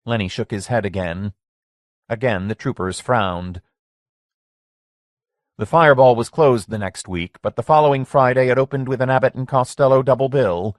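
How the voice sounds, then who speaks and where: A man narrating a horror story audiobook in a measured, steady way. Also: mid-range voice, dry recording, studio quality. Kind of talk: scripted narration.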